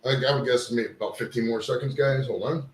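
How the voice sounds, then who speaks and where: A man with a mid-range voice hosts a casual live stream at a quick pace, swearing and rambling while he fixes his camera gear on air. The background is noisy and the room has a roomy echo.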